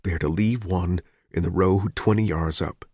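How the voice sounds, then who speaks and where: Reader as a calm, calculating fugitive, deep and terse. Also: male voice, normal speed, no room sound, studio quality. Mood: tense. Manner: quiet, clipped, controlled. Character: hunted wounded man, cool and calculating. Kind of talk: audiobook character voice.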